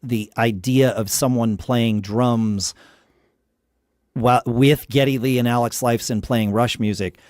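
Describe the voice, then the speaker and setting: A man's voice: mid-range voice, steady tone, a little slow, a little mellow, dry recording, clean studio sound. A man hosting a casual podcast conversation, thinking aloud with frequent restarts and tangents. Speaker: podcast host.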